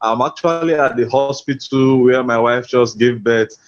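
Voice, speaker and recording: A man's voice: mid-range voice, moderate pace. A man from Nigeria, giving an impassioned, emphatic rally speech over a video call. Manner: rousing, emphatic, slogan-driven. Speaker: protest speaker. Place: hospital. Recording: muffled online call audio.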